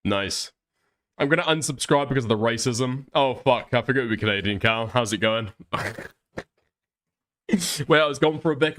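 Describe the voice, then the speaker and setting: A man's voice: medium pitch, animated, normal speed, a bit bright. A male livestream host giving crude, incredulous reaction commentary and swearing heavily.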